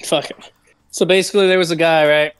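A man with a voice sitting a little above the usual male pitch, chatting on a live stream. He rambles through his story with constant fillers and swearing, restarting his sentences as he goes. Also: fairly even intonation, fairly quick, clean tone. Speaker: stream co-host. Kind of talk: casual live-stream chat.

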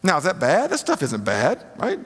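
A male preacher with a twang and a noticeably high voice delivers a laid-back sermon. He reads scripture and throws casual rhetorical questions at the crowd. His voice rings through the long reverb of a big worship hall. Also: wildly swooping pitch, moderate pace, fairly bright tone, husky. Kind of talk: conversational sermon.

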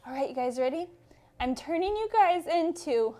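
Woman, preschool teacher, very high pitch, playful energy while leading movement games indoors. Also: brisk. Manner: playful, cheering kids on while moving along. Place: indoor room with small children.

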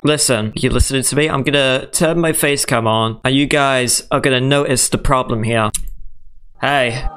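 A man streaming a game casually, swearing, yelling and laughing as he plays. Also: medium pitch, moderate pace, clean tone. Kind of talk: casual live gaming commentary. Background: faint meme music and sound effects.

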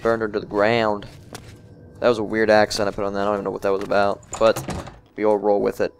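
A young man giving casual, excitable commentary over a video game, swearing and talking to his viewers. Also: fairly low pitch, very fast, creaky, a little hiss or hum. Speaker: let's play gamer.

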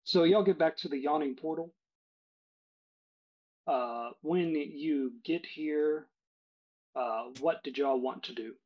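A man running a tabletop game, talking casually and relaxed with frequent fillers. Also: mid-range voice. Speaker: game master. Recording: dull lo-fi recording.

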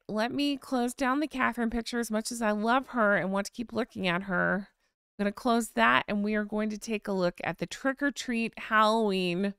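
A woman's voice: mid-range voice, expressive, brisk, a bit bright, smooth, no echo, studio quality. An American woman hosting a live chat, chatting casually, reading viewer comments and sighing with vocal eye rolls. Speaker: live stream host.

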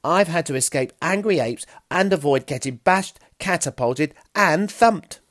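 Man doing a clever cheeky Stone Age boy, chatty, lively ups and downs, dry sound. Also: fairly high pitch, measured pace, dry recording, pitched above the performer's own voice.

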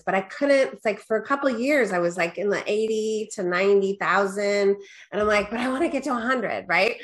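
Lively middle-aged woman telling her story. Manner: animated storyteller, quotes herself with rising pitch; peppers talk with "right?" and "da, da, da". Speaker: guest business coach. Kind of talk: casual storytelling interview.

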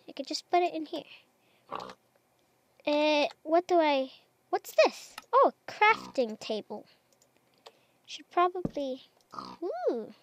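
A woman with a high, fairly bright voice offers casual let's play commentary on Minecraft. Chatty and unsure of herself, she talks to the animals she meets while building.

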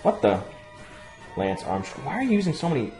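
A man giving excitable let's play commentary over a video game, swearing a lot and breaking into loud outbursts. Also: medium pitch, fairly quick. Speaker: gaming channel host. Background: faint game music.

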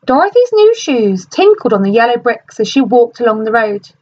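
A woman teacher reading a storybook aloud to her class in an animated, expressive manner. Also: a little high, moderate pace, lo-fi sound, slight background noise.

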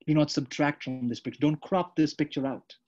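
Fervent preacher man, husky and lo-fi. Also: a little high, a little fast, darkish tone. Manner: fervent, repeats lines, addresses listeners as friends. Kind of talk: sermon.

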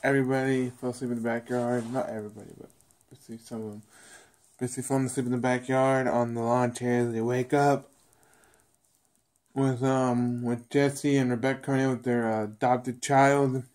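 A man's voice: medium pitch, level tone, brisk, darkish tone. A man talking casually to his viewers, recapping and reviewing a TV episode in a rambling way, often repeating himself and acting out the characters' lines.

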